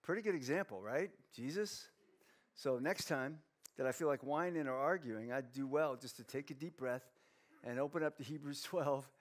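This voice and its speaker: A pastor with a noticeably high voice gives a lighthearted sermon. He teases himself, reads Bible verses aloud, and moves easily between jokes and earnest teaching. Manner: playful, self-mocking, reads scripture aloud. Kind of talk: humorous sermon.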